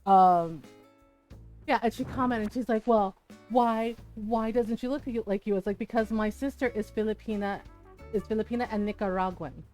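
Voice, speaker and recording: A woman streamer chatting casually while playing a game, frank and quick to laugh, swearing freely and acting out the people in her stories. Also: medium pitch, steady tone, a little mellow, soft background music. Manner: frank, swears freely, laughs often, retells dialogue animatedly. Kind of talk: casual chat while gaming.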